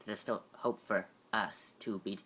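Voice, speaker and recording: A man voicing a wry, remorseful male agent, halting and full of restarts. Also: lowish voice, steady tone, bright, forceful tone, slightly rough, full character voice. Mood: earnest. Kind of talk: amateur fan voice acting.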